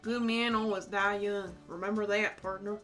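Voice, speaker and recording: A woman's voice: mid-range voice, steady tone, normal speed, a bit bright, soft background music, natural voice. A woman voicing a laid-back Southern cowboy lawman in a game, with a Tennessee drawl and folksy frontier sayings. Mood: folksy showman.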